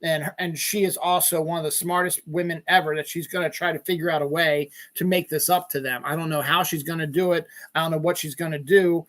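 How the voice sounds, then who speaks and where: A man's voice: a little high, normal speed, fairly bright tone. A middle-aged man from Maryland hosting a solo podcast. He rambles and rants with constant swearing, and sometimes stops to search for words. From Maryland, USA. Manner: profane, ranting, swears constantly. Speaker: podcast host.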